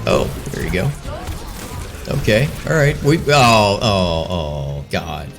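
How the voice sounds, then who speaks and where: Animated, swearing male streamer. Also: sits low, takes it slowly, gravelly, over music. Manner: profane, exasperated, animated storytelling. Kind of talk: casual rant while gaming live.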